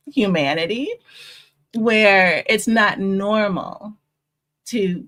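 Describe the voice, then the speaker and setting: A woman hosting a podcast, affirming her guest and laughing often in casual chat. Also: mid-range voice. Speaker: podcast host.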